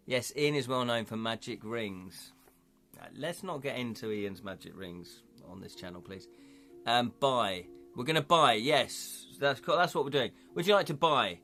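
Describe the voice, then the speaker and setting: A man's voice: mid-range voice, normal speed, a bit bright, soft background music. A man hosting a live stream, reading a gamebook aloud and chatting with viewers, laughing often. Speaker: livestream host reading a gamebook.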